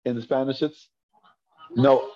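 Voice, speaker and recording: Steady in tone and medium in pitch, this man takes his time teaching Hebrew reading. He drills every pronunciation patiently, repeating for the students, and the classroom audio is dull and lo-fi.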